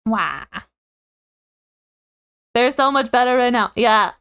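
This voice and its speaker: A woman's voice: on the high side, animated, takes it slowly, a bit bright, clear, resonant tone. A woman chatting casually on a live stream, giggling often and rambling with lots of fillers and self-corrections.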